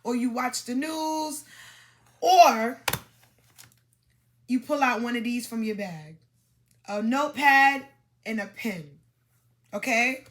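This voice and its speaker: A woman's voice: on the high side, slow pace, long pauses, fairly bright tone. A woman hosting a podcast, giving dating advice in an emphatic, repetitive coaching monologue with demonstrations.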